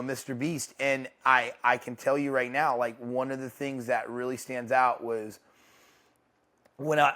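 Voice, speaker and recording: A young adult man, an interview guest, speaking candidly and haltingly, with many restarts. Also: medium pitch, fairly bright tone. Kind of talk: casual interview talk. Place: ranch home.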